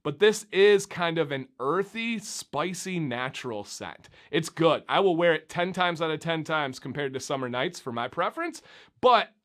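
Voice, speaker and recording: A young man from Michigan talks straight to camera in a casual beard-oil review vlog. His voice sits a little higher than most men's, and his delivery is chatty and animated. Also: moderate pace. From Michigan, USA.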